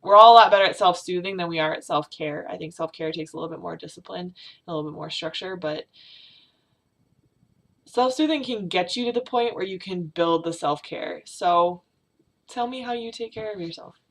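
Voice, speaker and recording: A young woman vlogging about her feelings, on the verge of tears, talking haltingly with many fillers and restarts. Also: lowish voice, a bit bright. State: tearful, on the verge of crying. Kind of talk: personal confessional vlog.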